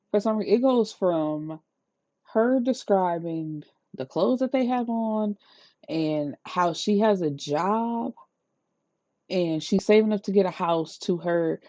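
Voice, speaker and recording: A woman reviewing a book in a casual rant, retelling the plot in an incredulous, profane, lively way. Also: mid-range voice, no room sound. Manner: incredulous, profane, animated storytelling. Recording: slightly dull lo-fi sound, dry.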